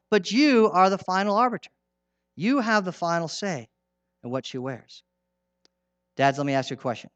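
A middle-aged man preaching a sermon in an earnest, emphatic way, repeating his key lines and dropping from loud to hushed. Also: high-pitched, expressive, normal speed, smooth, no echo.

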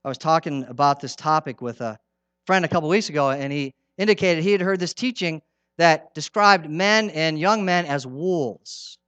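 A middle-aged man preaching a sermon in an earnest, emphatic way, repeating his key lines and dropping from loud to hushed. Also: fairly high pitch, moderate pace, smooth, dry recording.

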